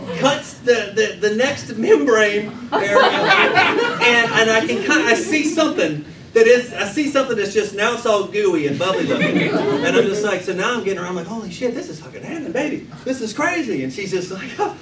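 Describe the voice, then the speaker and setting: Animated man telling a story on a theater stage. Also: sits high, moderate pace, hardly any pauses, a loud crowd. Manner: animated, swears freely. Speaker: guest storyteller at an improv comedy show. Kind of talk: live comedic true-story monologue. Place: theater stage with live audience. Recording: echoey room, mic from a distance, loud audience laughter.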